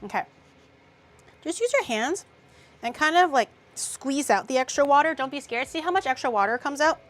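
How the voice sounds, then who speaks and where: A woman's voice: high-pitched, animated, moderate pace, a bit bright, a little hiss or hum. A woman hosting a casual cooking tutorial, chatty and loose, with the odd crude joke. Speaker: vtuber cooking host.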